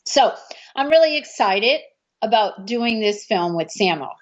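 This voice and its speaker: In an unhurried, medium-pitched voice with lively intonation, a martial arts film actress tells a story from a shoot, acting out other people's words. It's captured on a dull lo-fi recording.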